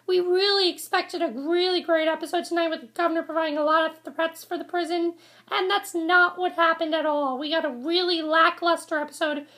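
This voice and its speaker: A woman's voice: very high voice, steady tone, fairly quick, fairly bright tone. A woman giving a casual, exasperated review rant to camera, rambling and repeating herself. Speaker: vlogger reviewing a TV episode.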